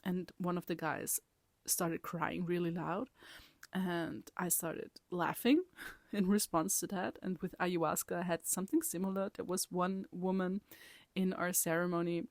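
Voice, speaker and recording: A woman talking straight to her viewers in a vlog, rambling and animated. Her voice sits on the low side and sounds dry and close. She laughs often and sometimes drops into a whisper. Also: a little slow, dry recording. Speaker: vlogger. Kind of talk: casual personal storytelling.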